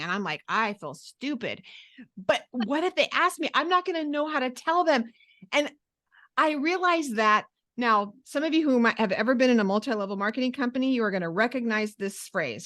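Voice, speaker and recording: A woman pastor hosting a faith podcast, talking in an earnest, encouraging way with lively acted asides. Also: fairly high pitch. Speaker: podcast host. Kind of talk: casual faith podcast chat.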